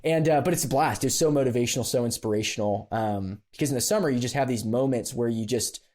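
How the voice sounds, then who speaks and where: A man with a mellow, warm voice sits as a podcast guest and tells a story from his own life. He talks casually and animatedly, laughing often and scattering fillers through his sentences. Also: mid-range voice, fast.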